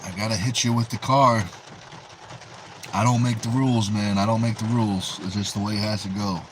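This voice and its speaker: A man's voice: fairly low pitch, steady tone, brisk, background noise. A man with a New England accent hosting a livestream, casually reading viewers' chat messages aloud and answering them. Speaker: livestream host.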